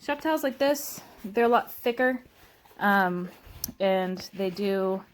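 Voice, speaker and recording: A woman's voice: mid-range voice, a little hiss or hum. A young woman chatting casually as she shows her art supplies, full of fillers and restarts. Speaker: vlogger giving a studio tour. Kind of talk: casual chat.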